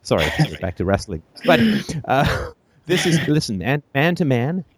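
A man's voice: medium pitch, sing-song, normal speed, no room sound. A man hosting a call-in show, giving blunt, emphatic advice full of profanity and jokey asides.

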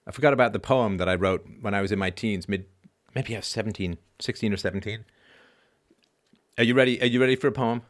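A man in his fifties hosting a live show, talking in an animated, sarcastic way. He swings from quiet asides to loud, emphatic outbursts and keeps asking "right?". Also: lowish voice, fast talker. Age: 50s. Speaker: show host.

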